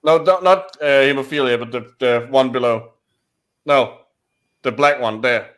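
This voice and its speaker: A man's voice: mid-range voice, unhurried, fairly bright tone. A man with a Danish accent, co-hosting a casual game stream and thinking aloud with frequent restarts. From Denmark. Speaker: co-host.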